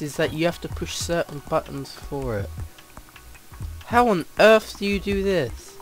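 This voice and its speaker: A man giving casual let's play commentary at his computer, rambling and flustered, with lots of ums. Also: on the high side. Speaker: gamer.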